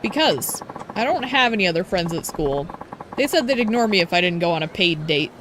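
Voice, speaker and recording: A woman's voice: on the low side, animated, brisk, natural voice. Brief: timid teen girl read by a woman off subtitles, noisy stream audio. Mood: pleading. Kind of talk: reading game subtitles aloud.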